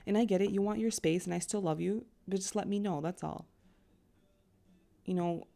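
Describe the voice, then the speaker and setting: A woman's voice: medium pitch, moderate pace, vocal fry, dark tone. Rambling woman giving a tarot reading. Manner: rambling, chatty, full of "like" and "you know". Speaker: tarot and astrology reader. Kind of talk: casual collective reading.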